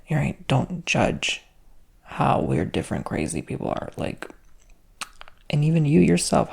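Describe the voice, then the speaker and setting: A man's voice: fairly high pitch, gravelly, breathy edge. A man giving whispered ASMR spiritual talk as host, sassy and flamboyant, swearing casually. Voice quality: soft whispery delivery.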